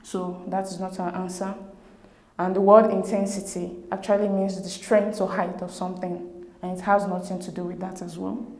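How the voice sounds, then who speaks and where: A woman, working through exam questions as a tutor in a steady, methodical way. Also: lowish voice, normal speed. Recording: echoey room.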